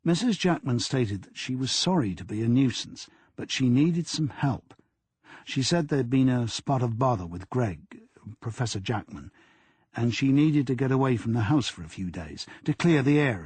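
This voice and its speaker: A man doing a measured, matter-of-fact detective. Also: medium pitch, very animated, darkish tone, slightly rough, dry recording. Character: stolid male police detective reporting to his boss.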